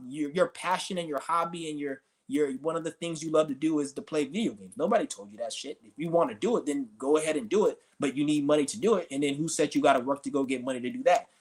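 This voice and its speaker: A man streaming a profane, confrontational ranting monologue, insulting his listeners as he goes. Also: on the high side.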